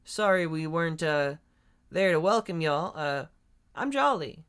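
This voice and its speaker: Man doing a scruffy old dwarf junkyard owner, folksy drawl, howdy and y'all, much higher than his usual voice. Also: expressive, unhurried, fairly bright tone, clean tone. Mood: cheerful welcome. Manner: folksy, swears freely, says howdy and y'all.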